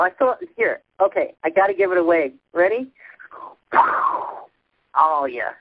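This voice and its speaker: A woman's voice: fairly low pitch, animated, unhurried, long pauses, no echo. Ecstatic woman on a tinny phone line. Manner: ecstatic, laughing, emotional. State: shaking with emotion. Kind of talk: spiritual call-in chat.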